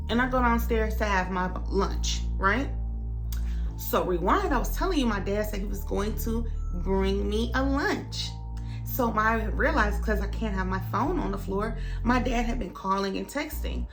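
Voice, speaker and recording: A young woman vlogger telling a story in a casual, animated way, acting out the other people's lines. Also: mid-range voice, normal speed, faint music behind. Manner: animated, dramatic retelling with voices for others.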